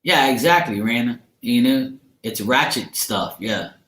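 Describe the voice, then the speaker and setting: A man's voice: mid-range voice, animated, unhurried, fairly bright tone, echoey room. A man from Bermuda with a Bermudian accent, rambling in slangy, profane casual chat as he hosts a livestream. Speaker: livestream host.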